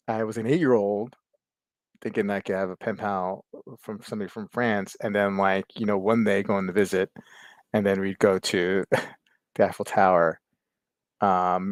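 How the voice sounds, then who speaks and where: A man hosting a casual livestream chat, rambling, laughing often, and filling pauses as he reads viewer comments. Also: on the low side, no echo. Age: adult with kids. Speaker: livestream host.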